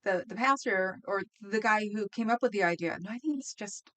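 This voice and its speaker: A woman live-streaming in a loose, rambling way, with a voice of ordinary middle pitch. She chats straight to her viewers and laughs easily as she wanders from one thought to the next. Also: pushed and bright. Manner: rambling, chatty, quick to laugh; talks to viewers in chat. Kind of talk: casual live-stream chat.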